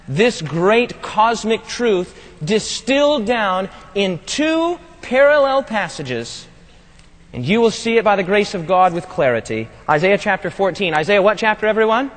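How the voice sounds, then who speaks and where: A man with a strikingly high voice preaches a sermon, often pausing to ask the congregation to fill in a word. His delivery swings from loud, urgent emphasis to low, hushed tones. The sound carries a long reverb, as if recorded in a large hall. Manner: call-and-response questions to the congregation.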